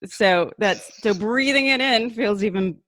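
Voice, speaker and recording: A woman's voice: mid-range voice, unhurried, a bit bright, dry recording. Earnest woman host, dry close voice. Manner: eager, restarts often, earnest. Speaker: show host. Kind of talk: casual conversational interview.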